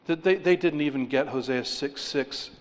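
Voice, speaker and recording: A man preaching a sermon, rising for key points and dropping low and quiet for stress. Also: moderate pace, big-room sound. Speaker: pastor.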